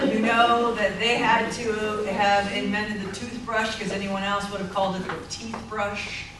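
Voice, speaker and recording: A woman lecturing to a class, telling funny anecdotes with lively delivery and frequent laughter. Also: mid-range voice, normal speed, recorded from a distance. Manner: lively, storytelling, laughing often. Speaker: anthropology lecturer. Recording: echoey classroom recorded from afar, noisy.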